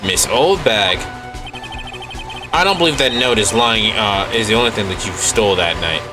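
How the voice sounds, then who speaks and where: A man reading the lines of an earnest young male defense lawyer, pressing a witness in a lively, accusing way. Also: fairly low pitch, moderate pace, music in the background, close to an everyday voice.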